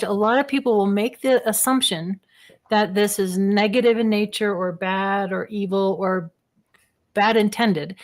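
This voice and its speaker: A woman talks as a guest on an interview show, her pitch sitting in the middle of the range. She tells her stories in a lively way and laughs between sentences. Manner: animated storyteller, laughs often. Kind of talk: casual interview talk.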